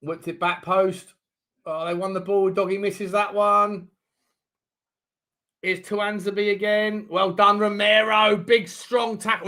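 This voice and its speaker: A man hosts a live football watchalong, talking over the match in a somewhat high voice. He is excitable and swears freely, and breaks into shouts at the referee when a call goes against his team. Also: a little slow. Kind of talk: live match commentary and reaction.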